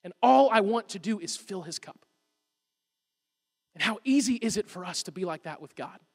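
Animated high-voiced preacher in a big hall. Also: male voice, normal speed. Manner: storytelling, animated and humorous. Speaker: pastor. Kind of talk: sermon. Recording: long hall reverb.

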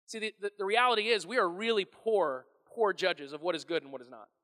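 A man preaching a sermon as pastor, animated and conversational, often restarting his phrases. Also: sits high, a little fast, in a large hall.

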